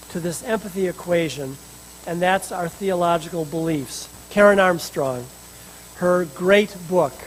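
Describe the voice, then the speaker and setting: A man's voice: high-pitched, slight background noise, rough recording. A male minister delivering a sermon, emphatic with humorous asides, in a church sanctuary.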